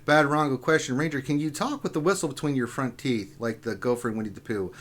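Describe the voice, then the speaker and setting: A man hosts a lunch-hour gaming livestream casually, excitably reading out viewer questions and bantering with his guests. His voice is mid-range and fast.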